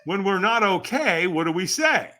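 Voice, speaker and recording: A man guesting on a podcast, telling a story with animated energy and acting out the dialogue. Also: high voice, normal speed, noisy background. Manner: acts out quoted dialogue, emphatic and lively.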